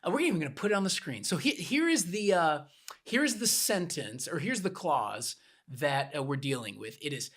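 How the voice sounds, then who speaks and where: A man's voice: a little high, big pitch swings, moderate pace, fairly bright tone. A man co-hosting a podcast, patiently teaching a point with plain everyday examples. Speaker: podcast co-host.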